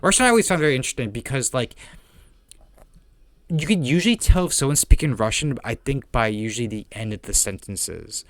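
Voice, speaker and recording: A man's voice: mid-range voice, lively intonation, no echo. A man with a heavy non-native accent, chatting casually as a podcast host, rambling with lots of fillers and restarts. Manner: rambling, fast talker with many fillers and restarts. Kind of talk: casual chat.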